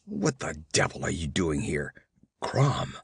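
A man's voice: very deep voice, very animated, takes it slowly, gravelly, husky, no room sound, studio quality, voice pushed down, exaggerated voice. A man reading the part of a blunt, impatient barbarian warrior, curt and commanding. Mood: gruff.

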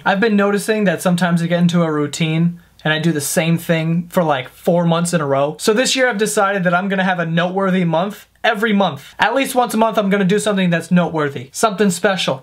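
A young man doing a comedic vlog rant, sarcastic and profane, sounding fed up as he talks to camera. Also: sits high. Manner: profane, sarcastic, exasperated ranting. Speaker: comedy vlogger.

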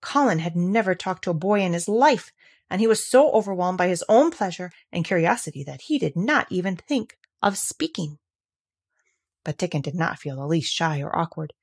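A woman reading a classic children's novel aloud in a calm, measured voice. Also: on the low side, breathy edge. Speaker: audiobook reader. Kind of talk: storybook narration.

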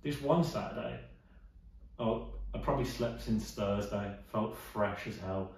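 A man's voice: fairly low pitch, measured pace, a little mellow. A young man hosting a casual podcast, swearing freely and telling stories, acting out the people he quotes. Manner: swearing, storytelling, doing voices of people he quotes. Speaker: podcast host. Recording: very echoey room, mic at a distance.

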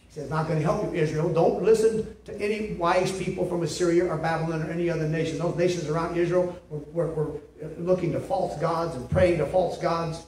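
A man's voice: a little high, fairly even intonation, a little fast, few pauses, darkish tone. A male pastor preaching a sermon in an emphatic, repetitive way, often checking in with "see?". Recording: echoey room, mic at a distance.

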